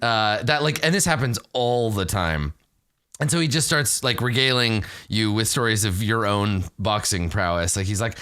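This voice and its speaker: A man's voice: lowish voice, lively intonation, moderate pace, pushed and bright, clear, resonant tone. A man running a tabletop game as game master, narrating casually and laughing often.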